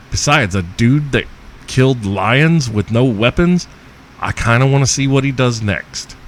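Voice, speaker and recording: A man's voice: medium pitch, a bit bright, a little hiss or hum. A man hosting a podcast, answering listener questions in a crude comedic rant, profane and joking with frequent chuckles. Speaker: podcast host.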